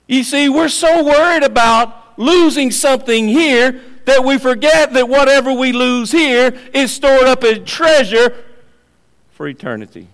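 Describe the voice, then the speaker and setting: Male preacher, high voice, slow emphatic delivery, long church reverb. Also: animated. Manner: dramatic swings from hushed to loud and high. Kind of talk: sermon.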